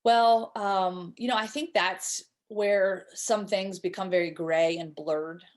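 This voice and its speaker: A woman in her thirties, a guest in an interview, recounting a painful personal story in a halting, emotional way with many repeated words. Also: mid-range voice, fairly even intonation. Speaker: guest speaker.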